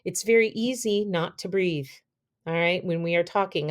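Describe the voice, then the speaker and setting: A vocal health expert, appearing as a guest on a podcast, speaks in a fairly low woman's voice at a normal speed. She explains speaking habits and demonstrates different voices as she teaches, frequently checking in with "okay?".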